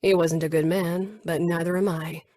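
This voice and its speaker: A woman voicing a stern, guarded mafia boss who speaks curtly and slowly, allowing no argument. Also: fairly low pitch, little pitch movement, dark tone, lightly acted. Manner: curt, slow, allows no argument.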